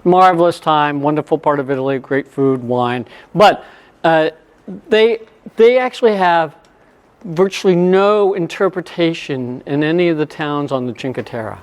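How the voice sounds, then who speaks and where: A man in his sixties leading a conference workshop, talking in a chatty, storytelling way with quick asides. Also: fairly high pitch. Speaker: workshop presenter. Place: conference room.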